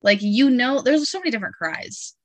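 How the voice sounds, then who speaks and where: Mom in her 30s chatting, tells animated stories, acts out the kids, dry close sound. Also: fairly high pitch, brisk, no room sound. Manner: animated storytelling, acts out her kids' voices. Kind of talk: casual chat.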